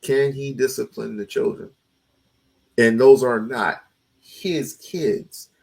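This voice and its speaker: A man with a husky, gravelly voice hosting a casual talk stream. He asks questions in quick bursts, often repeating himself as he tries to get a point out. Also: medium pitch, fairly even intonation, a little mellow, poor audio. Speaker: talk show host. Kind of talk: casual debate chat.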